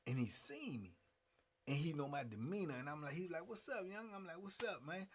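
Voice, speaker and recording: A middle-aged man, telling prison stories in a casual, animated way and acting out what others said. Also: fairly high pitch, fairly quick, slight background noise. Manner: animated, acts out quotes, frequent "man". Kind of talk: casual storytelling.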